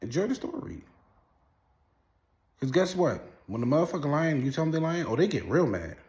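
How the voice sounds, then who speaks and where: A man's voice: fairly high pitch, quick pace. A man hosting a casual monologue, telling stories in street slang and acting out what people said. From Brooklyn, New York. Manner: animated storytelling, street slang, acts out quotes. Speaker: host.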